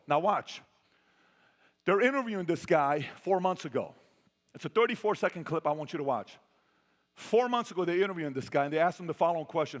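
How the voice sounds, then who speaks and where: A man's voice: sits high, expressive, fast talker, fairly bright tone. Man, motivational speaker, emphatic, repeats questions, long hall reverb. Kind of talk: motivational talk over video clips.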